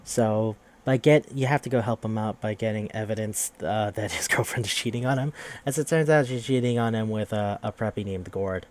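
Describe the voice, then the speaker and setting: A fairly low-voiced man talks through a video game's story in a loose, rambling podcast style. He swears freely and slips into quick voices for the characters as he goes. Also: darkish tone. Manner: rambling, profane, acts out characters' lines. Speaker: podcast host. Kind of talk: casual podcast game recap.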